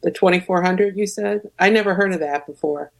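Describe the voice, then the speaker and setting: A woman's voice: lowish voice, brisk, creaky. A woman guest on a radio talk show, speaking hesitantly with many ums and uhs. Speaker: guest researcher. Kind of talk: radio interview.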